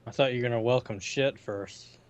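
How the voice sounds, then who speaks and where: A man's voice: mid-range voice, fairly quick, dull audio. A man co-hosting a podcast in casual chat, dry and sarcastic. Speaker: podcast co-host.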